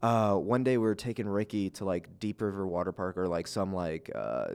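A man's voice: low-pitched, expressive, moderate pace, darkish tone, smooth. A young man co-hosting a podcast, chatting casually and telling a story, with lots of "like" and "dude" and easy swearing. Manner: laid-back, swears freely, lots of "like" and "dude". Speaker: podcast co-host. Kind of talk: casual chat.

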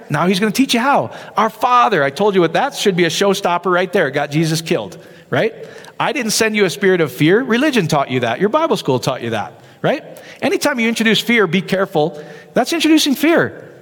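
Man, preaching, high pitch, animated, rhetorical questions, echoing hall. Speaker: pastor. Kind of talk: sermon. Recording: long hall reverb.

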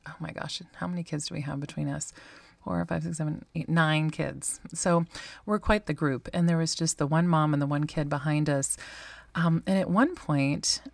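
Low, dry-sounding woman, candid reflective podcast host; close mic, musing tone. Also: fairly even intonation, moderate pace, creaky, dry recording. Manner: candid, musing, conversational, with frequent ums and likes. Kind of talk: reflective solo podcast talk.

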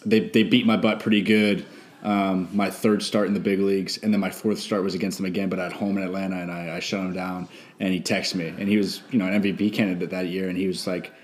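A man with a somewhat low voice talks in a relaxed, rambling way, full of ums and you-knows. He speaks as a guest on a casual podcast, recalling his playing days. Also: fast talker, slight background noise. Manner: laid-back, rambling, many fillers. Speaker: podcast guest, former baseball pitcher.

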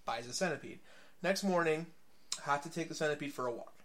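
A man co-hosting a casual podcast, with a voice pitched a little high. He retells stories and jokes in a relaxed, easygoing way. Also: fairly quick. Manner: relaxed storyteller, tells jokes. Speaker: podcast co-host. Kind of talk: casual comic book chat.

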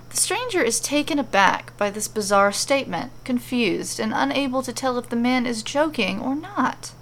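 A woman reads a playful storybook aloud. Her narration is animated and lively. Her voice sits a little high and has a gravelly, fried texture. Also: moderate pace, few pauses.

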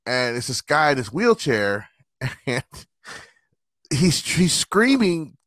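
A man telling stories in a casual chat, animated and profane, often laughing. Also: medium pitch, takes it slowly, pauses often, dry recording, studio quality.

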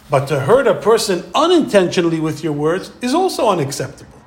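High-voiced animated male Torah teacher. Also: fairly quick. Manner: animated storyteller acting out quoted voices. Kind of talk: Torah lecture.

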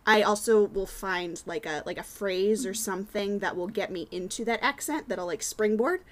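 A woman's voice: mid-range voice, normal speed. A woman talking casually on a tabletop gaming panel, earnest and chatty, with frequent fillers and restarts. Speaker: podcast guest, tabletop player.

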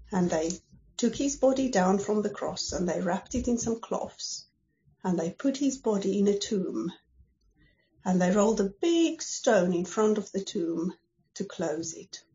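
A woman's voice: medium pitch, mellow, highs cut off. A woman telling a Bible story at a church service in plain, careful words. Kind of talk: slow, simple Bible storytelling.

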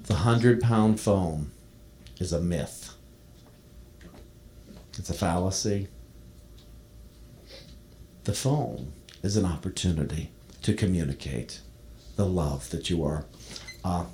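A man preaching a sermon, reading a devotional text aloud and then speaking gently to his congregation. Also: deep voice, a little hiss or hum. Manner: reads a devotional poem aloud, then preaches in a soft, slowing voice. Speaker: minister.

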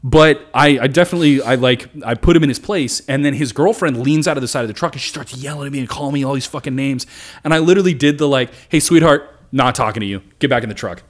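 Young guy on a podcast, telling a story, swearing, doing everyone's voices, mid pitch. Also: quick pace. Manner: animated, profane, acts out quotes. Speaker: podcast co-host. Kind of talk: casual storytelling chat.

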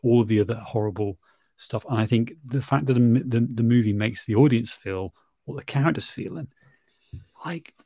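A man's voice: medium pitch, moderate pace, dark tone, no echo, studio quality. A man reflecting on a film in casual chat, thoughtful, often restarting, and sweary.

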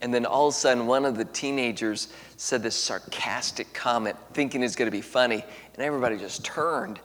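A male preacher delivers a sermon to young people in a large auditorium. His voice sits a little high, and he moves between loud, emphatic points and quiet, hushed storytelling. A long reverb trails each phrase.

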